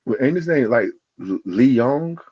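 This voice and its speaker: A man's voice: medium pitch, expressive, normal speed, breathy edge, dry recording. A man in a casual podcast chat with a mid-range voice, rambling and restarting his sentences as he hunts for words. The sound is a little muffled and lo-fi, and very dry. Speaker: podcast co-host.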